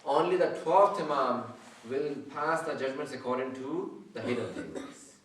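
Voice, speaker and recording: A man's voice: mid-range voice, animated. Man lecturing in an echoey hall. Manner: explanatory, checks audience understanding often; says he usually speaks very fast. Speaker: Islamic scholar giving a lecture. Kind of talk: religious lecture with audience questions. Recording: echoey hall, mic far off.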